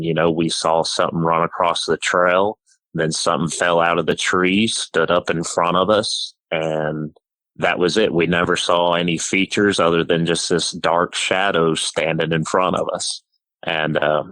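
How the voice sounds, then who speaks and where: Middle-aged male caller, flat and low, rambling story full of fillers. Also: no room sound, low-quality recording. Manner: halting, full of "you know" and "uh". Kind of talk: telling a personal story.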